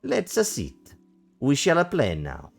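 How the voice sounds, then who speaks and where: A man's voice: medium pitch, huge pitch swings, slow pace, vocal fry, soft background music, pitched above the performer's own voice, heavily acted. A man voicing a flamboyant con-artist count in a hammy put-on Italian accent, with a theatrical, grand manner. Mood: smooth, theatrical.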